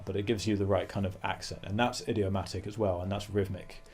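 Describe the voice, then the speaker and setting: A man's voice: low voice, fairly even intonation, fast talker, hardly any pauses, a little mellow, slight background noise. A man teaching a guitar lesson, explaining phrasing and singing rhythm syllables between his points. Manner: thinking aloud with fillers and restarts. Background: guitar playing.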